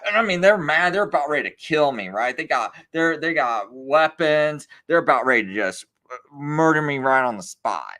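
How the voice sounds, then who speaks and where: A man hosting a livestream, telling a story in a casual, animated and rambling way with many fillers. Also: medium pitch, normal speed. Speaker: livestream host.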